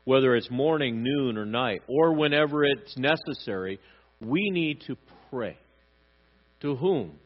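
A man preaching a sermon, animated, acting out short voices as he tells his points. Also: medium pitch, unhurried, highs cut off. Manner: animated, acts out little voices for God and parents. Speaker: pastor.

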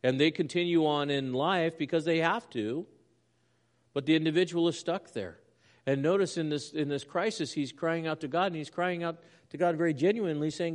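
A man's voice: a little high, moderate pace, big-room sound. Impassioned male pastor preaching. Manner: impassioned, rising loud when reading scripture aloud. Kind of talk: sermon.

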